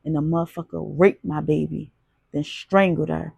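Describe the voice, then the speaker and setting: A woman's voice: deep voice, fairly even intonation, normal speed, vocal fry, a little mellow, husky, no echo, exaggerated voice. A woman reading an audiobook, voicing a hard young male street dealer who talks in blunt, cursing slang. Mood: bitter.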